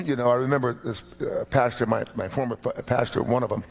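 A middle-aged man preaching a sermon as pastor, animated and emphatic, with rising peaks. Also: mid-range voice, a little fast, vocal fry.

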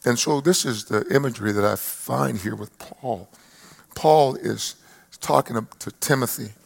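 Older man, pastor, church sermon, gravelly voice, mid-pitched, emphatic then soft. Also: a little slow. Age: 70s. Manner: rises to loud emphatic peaks, drops to soft reflective asides. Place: church service before a live congregation.

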